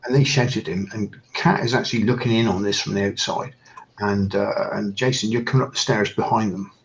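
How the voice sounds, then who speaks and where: Gravelly low-voiced man narrating a game. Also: fairly even intonation, fairly quick, lo-fi sound. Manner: hesitant, many fillers and restarts. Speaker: game master.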